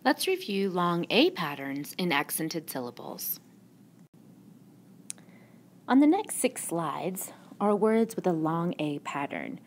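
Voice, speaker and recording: A woman's voice: lowish voice, a little mellow, slight background noise. A woman teacher giving a recorded phonics lesson in a patient, encouraging classroom manner. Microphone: tablet microphone.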